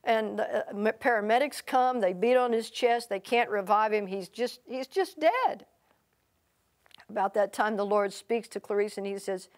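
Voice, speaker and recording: A woman preaching a sermon, telling a story with lively quoted voices and frequent restarts. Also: medium pitch, moderate pace.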